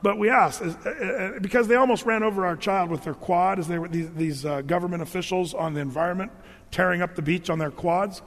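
A man's voice: sits high, fast, a bit bright. A middle-aged man, a pastor, teaching a Bible passage verse by verse in a conversational, emphatic way, often restarting his words. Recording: long hall reverb.

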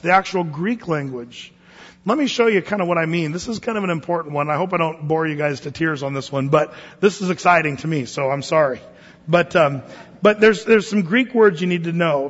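A pastor teaching a sermon verse by verse in a conversational way, with frequent asides and restarts. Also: male voice, sits high, breathy edge, in a large hall, muffled recording.

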